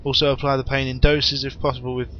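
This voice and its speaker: A man's voice: medium pitch, level tone, quick pace, lo-fi sound, slight background noise. A young man playing a horror game, reading the in-game notes aloud and adding wry, rambling asides. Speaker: let's play gamer.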